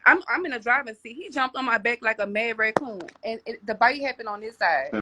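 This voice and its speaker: A woman's voice: a little high, animated, fairly quick, pushed and bright, slight background noise. A woman telling a personal story as a podcast guest, rambling with many restarts and repeated words.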